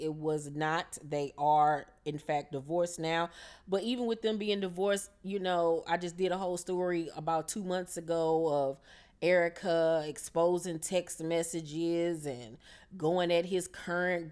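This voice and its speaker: A woman with a slightly low voice talks through a reality show episode in loose, slangy chat. She acts out the cast's lines as she goes, casual and opinionated. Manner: chatty, slangy, quotes the cast in lively voices. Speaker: reality TV recap vlogger.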